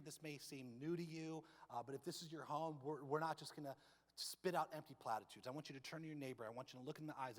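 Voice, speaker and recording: High-voiced passionate male pastor. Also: in a large hall. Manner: passionate, swings from soft to loud. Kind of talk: sermon. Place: church sanctuary.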